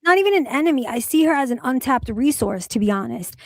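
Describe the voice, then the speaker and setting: A woman hosting a casual livestream, her voice pitched high and her talk full of sarcastic, profane rants. The sound is close and dry, with almost no room around it. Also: animated, fast talker, no echo. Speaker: streamer host.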